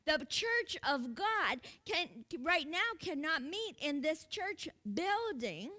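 A woman's voice: sits high, big pitch swings, slow pace, few pauses, pushed and bright. A woman pastor preaching a sermon in an earnest way, calling out to her congregation and laughing lightly between points.

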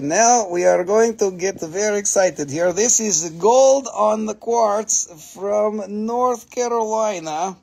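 An Appalachian man runs a live mineral sale, excitable and full of jokes, swearing freely as he goes. His voice sits fairly high with a gravelly edge. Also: a little slow, few pauses. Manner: excitable, jokey, swears casually.

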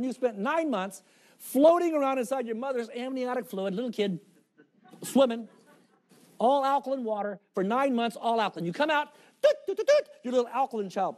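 High-voiced man giving an animated sales pitch. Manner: animated, jokey, acts out little voices. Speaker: product presenter. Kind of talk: sales presentation to an audience.

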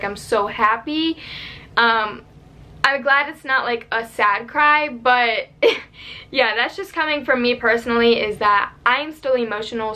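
A woman's voice: on the high side, bright, forceful tone. A young woman vlogger chatting casually to camera with mom advice, rambling with lots of "like" and "um". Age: young adult. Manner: chatty, rambling, many "like" and "um" fillers.

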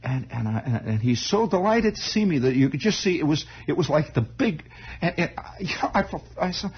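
A man telling a long story on the radio in an improvised monologue, rambling and halting, with many restarts. It is a 1960s radio broadcast. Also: a little high, lively intonation, highs cut off, slight background noise.

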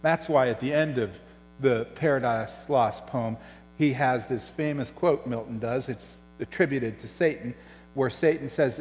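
A middle-aged man preaching a sermon as pastor, telling stories and dropping soft and low on serious points. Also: unhurried, in a large hall, faint music behind, rough recording. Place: church.

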